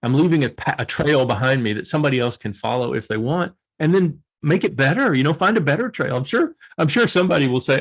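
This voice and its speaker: A man's voice: fairly high pitch, animated, quick pace, gravelly, hardly any pauses. An older man being interviewed as an author, speaking earnestly and emotionally, often laughing through his stories. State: tearful. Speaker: guest author. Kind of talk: emotional reflective interview talk.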